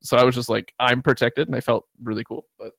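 Young adult man, casual storyteller, lively and profane, dry close mic. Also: medium pitch, quick pace, vocal fry, slightly rough, no echo. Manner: animated, swears freely, acts out quoted lines.

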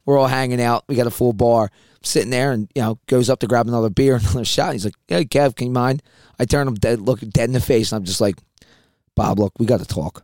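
A middle-aged man spinning loose bar anecdotes, breaking into laughter as he goes. His voice sits at an ordinary pitch and comes across close and dry, with no room sound. He backs up and restarts as he talks. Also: quick pace, darkish tone, no room sound. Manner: laughs through his own stories, rambling restarts. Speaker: podcast co-host. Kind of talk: casual storytelling chat.

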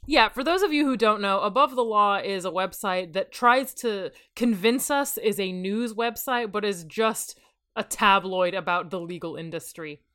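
A woman's voice: mid-range voice, normal speed, a bit bright. A young adult woman co-hosting a comedic book-reading podcast, giving wry, sarcastic commentary. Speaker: podcast co-host reading a novel aloud.

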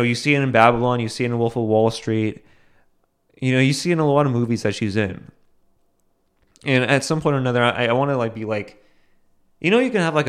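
A man's voice: medium pitch, clear, resonant tone. A young man hosting a solo podcast, talking casually and rambling with frequent restarts and fillers. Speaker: podcast host.

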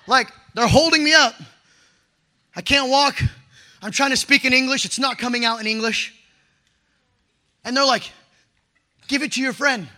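A man in his thirties preaching a sermon, telling stories in an animated way with casual slang and building up to shouts. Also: very high voice, normal speed, long pauses. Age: 30s.

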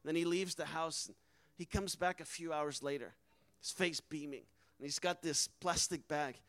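A male missionary gives a personal testimony with earnest emotion, acting out the quoted dialogue. His voice is a little high and a bit bright at a moderate pace, in a low-quality recording with no echo.

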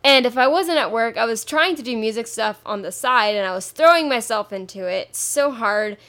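A woman's voice: a little high, animated, normal speed, fairly bright tone. Candid young woman podcasting solo. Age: 20s. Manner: candid and playful, swaps curses for spoken bleeps. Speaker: podcast host. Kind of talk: casual solo podcast monologue.

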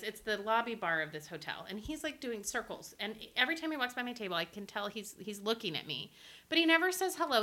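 A woman co-hosting a casual podcast chat, telling an animated story and laughing often. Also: fairly high pitch. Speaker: podcast co-host.

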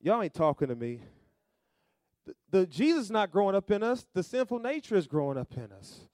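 A male pastor preaching a sermon, calling to the congregation and rising to loud emphatic bursts. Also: sits high, big pitch swings, a little fast, dry recording, clean studio sound.

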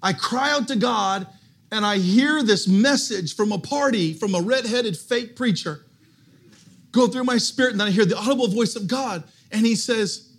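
Husky high-voiced male preacher. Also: normal speed. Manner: animated, self-mocking, restarts when excited. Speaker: guest pastor. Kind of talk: humorous sermon storytelling. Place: church service.

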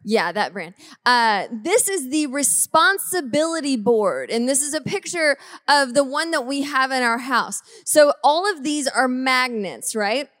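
Woman, 30s, faith show co-host, measured and relaxed, slightly high voice, dry sound. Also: no room sound. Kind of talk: conversational reflection.

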